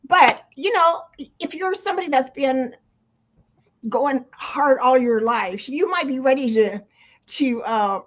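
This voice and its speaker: High-voiced older woman, muffled sound. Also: unhurried, fairly bright tone. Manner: rambling, many restarts, laughs often. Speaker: retirement coach. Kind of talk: casual interview talk. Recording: dull lo-fi sound.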